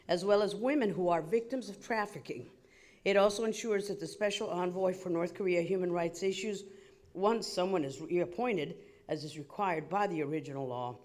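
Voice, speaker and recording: A woman's voice: fairly low pitch, darkish tone. Slightly breathless congresswoman reading a statement. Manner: measured, emphatic listing of points. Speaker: member of Congress. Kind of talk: formal prepared statement at a committee hearing.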